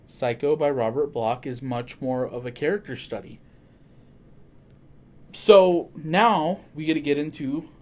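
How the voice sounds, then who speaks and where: An excitable man hosting a casual podcast. He swears freely and keeps stopping to correct himself. His voice sits at an ordinary mid pitch. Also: slight background noise. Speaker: podcast host.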